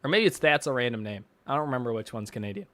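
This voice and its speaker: A man's voice: mid-range voice, lively intonation, racing, fairly bright tone, no room sound. A man streaming live, reading chat and posts aloud with profane, mocking, ranting commentary. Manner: reads chat and posts aloud with sarcastic asides.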